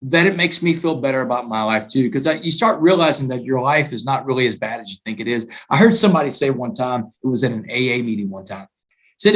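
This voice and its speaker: A man, a guest author telling his story in an emphatic, animated way during a talk-show interview. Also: mid-range voice.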